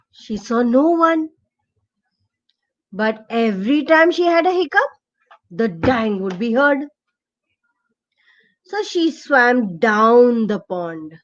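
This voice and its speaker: Slow, high-voiced woman telling a children's story. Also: highs cut off. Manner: expressive, asks the listener questions. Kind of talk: children's story read-aloud.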